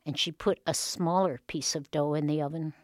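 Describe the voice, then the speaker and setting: A woman storyteller telling a folk tale with expressive, dramatic pauses. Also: low-pitched, dry recording, studio quality.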